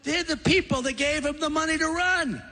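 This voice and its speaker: A man's voice: very high-pitched, normal speed, bright, forceful tone. A man in his sixties giving a boastful, rambling, repetitive campaign rally speech in a large convention center. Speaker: political candidate. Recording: long hall reverb.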